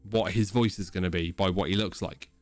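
A man's voice: sits low, steady tone, a little fast, darkish tone, faint music behind. A man co-hosting a podcast in casual chat, blunt and teasing, with rambling explanations. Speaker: podcast co-host.

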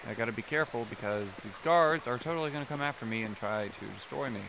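A man's voice: mid-range voice, fast, background noise. A man casually commenting on his gameplay as a let's play host, chatty and rambling, often correcting himself. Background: game music.

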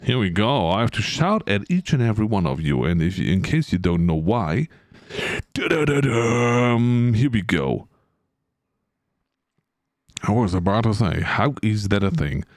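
Playful rambling male streamer, lively lilt. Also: fairly low pitch, moderate pace, dry recording. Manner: rambling, chats with viewers, playful. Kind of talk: casual live-stream chat.

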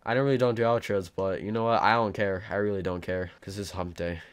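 A man's voice: lowish voice, steady tone, fast, clean tone. A teenage boy telling a rambling, self-mocking story in a casual vlog. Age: teens. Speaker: YouTuber.

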